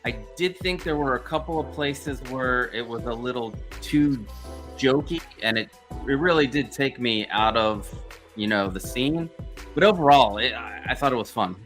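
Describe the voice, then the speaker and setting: A man's voice: mid-range voice, normal speed, a bit bright, faint music behind. A man chatting casually as a guest on a livestream, laid-back and jokey. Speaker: guest panelist. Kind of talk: casual chat.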